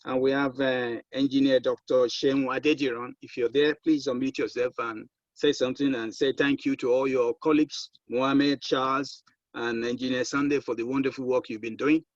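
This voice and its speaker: A man moderating a webinar on a video call, halting and repeating words as he searches for them. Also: mid-range voice, flat delivery, no echo. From Nigeria. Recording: dull, dry video-call audio.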